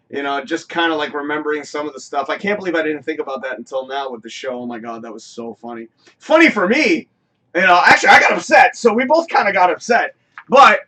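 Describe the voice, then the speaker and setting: A man's voice: on the high side, bright, forceful tone, recorded from a distance. A man hosting a live talk show, reminiscing in a rambling, emotional way, often swearing and laughing. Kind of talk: casual chat.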